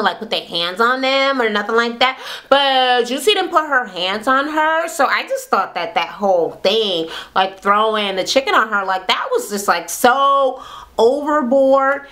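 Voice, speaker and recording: A woman giving a casual reality TV recap, blunt and profane, with slangy, animated commentary. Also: a little high. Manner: animated retelling, acts out quotes; slangy, conversational.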